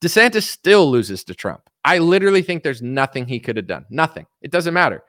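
A man giving casual political commentary on a stream, animated and mocking, acting out the people he quotes. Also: on the high side, fairly quick, no room sound, clean studio sound.

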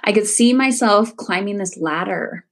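A woman's voice: medium pitch, moderate pace. A woman in her forties, a coach, speaking candidly and reflectively as an interview guest, laughing easily. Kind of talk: casual interview conversation.

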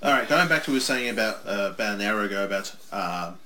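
Lively, bright-voiced man joking around. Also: fairly low pitch, quick pace, a little hiss or hum. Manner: playful, bursts into loud excited shouts. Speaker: co-host. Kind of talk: casual watch-along chat.

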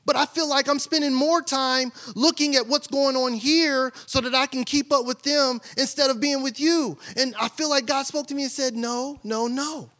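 A man preaching a sermon in a high, bright voice. He talks in a candid, conversational way, circling back and restarting his sentences as he shares his own struggles with the congregation. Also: fairly even intonation, normal speed, few pauses. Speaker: pastor.

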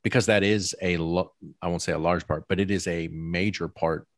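A man hosting a casual podcast chat with friends, relaxed, swearing now and then and steering the group. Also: sits low, moderate pace, no echo, studio quality. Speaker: podcast host.

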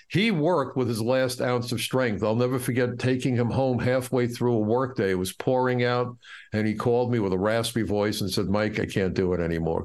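A middle-aged man from the United States speaks as an interview guest in a mid-pitched voice. He tells his stories with an impassioned, indignant edge. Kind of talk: storytelling in an interview.

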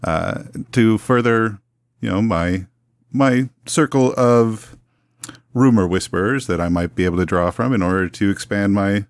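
Player, deep voice, hesitant casual delivery, dry sound. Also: male voice, dry recording. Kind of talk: describing his character's actions in a tabletop game.

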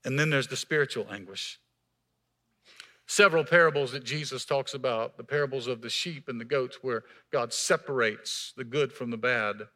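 A man preaching a sermon in a church as pastor, emphatic, swinging between raised passages and hushed, quiet lines. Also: medium pitch, normal speed.

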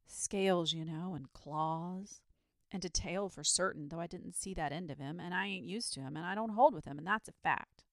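A woman's voice: on the low side, moderate pace, no echo, studio quality, natural voice. A woman doing a frightened country shepherd. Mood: agitated. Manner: agitated, rustic country speech. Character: frightened rustic male shepherd, middle-aged.

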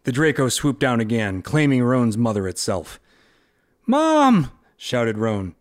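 A man on a podcast reading a story aloud in a deliberate, expressive way. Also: medium pitch.

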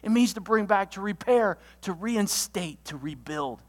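A pastor giving a sermon, walking through a numbered list of alliterative points with energetic delivery and sudden loud outbursts. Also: mid-range voice, measured pace, in a large hall. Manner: lists points with alliterative words.

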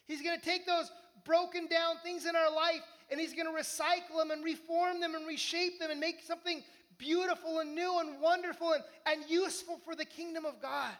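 A man's voice: very high-pitched, a little fast, few pauses. A man preaching a conversational sermon, often asking his listeners questions. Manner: conversational, animated, asks the listeners. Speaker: pastor.

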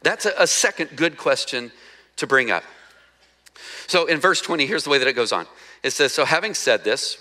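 Male pastor, mid-pitched, bright and forceful, conversational sermon, asks the congregation questions. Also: animated, moderate pace.

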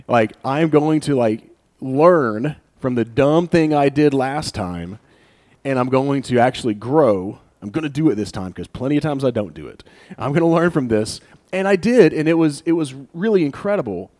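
A man preaching a sermon in a conversational, storytelling way, building to animated emphasis. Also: mid-range voice, normal speed, no echo. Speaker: pastor.

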